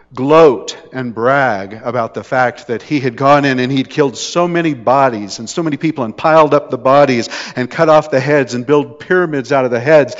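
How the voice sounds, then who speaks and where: A man preaching a sermon in a conversational style, with jokes and rising intensity on the dramatic points. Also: mid-range voice. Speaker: pastor. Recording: dull lo-fi hall recording.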